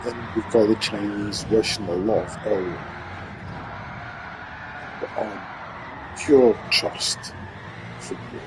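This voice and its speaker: A man streaming live, rambling and swearing through an animated monologue. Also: on the low side, noisy background.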